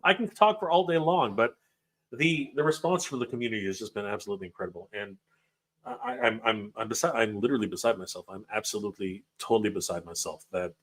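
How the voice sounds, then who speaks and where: A man hosting a livestream, emotional and excited, often stumbling over his words while reading viewer comments. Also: fairly low pitch, husky. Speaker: livestream host.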